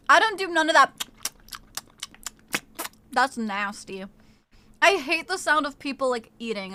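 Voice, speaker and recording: A young woman streaming from home, chatting casually with viewers in a bubbly, excited way while snacking on crackers. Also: high voice, a little slow, long pauses, no room sound.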